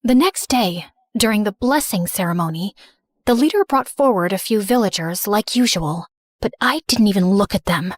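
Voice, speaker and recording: A woman's voice: medium pitch, lively intonation, normal speed, no room sound, studio quality. A woman narrating a dramatic first-person story in an earnest storytelling manner.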